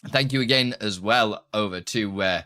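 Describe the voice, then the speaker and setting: A man's voice: fairly low pitch, normal speed, sharp tone. A man chatting casually on a live stream and teaching streaming, rambling with many restarts.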